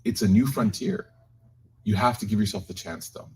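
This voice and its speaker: Low-voiced man telling stories in a sermon. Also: moderate pace, slight background noise. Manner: animated, joking storyteller, addresses audience directly. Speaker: religious teacher leading a Quran reflection. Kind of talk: casual religious talk with personal storytelling. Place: community gathering, live-streamed.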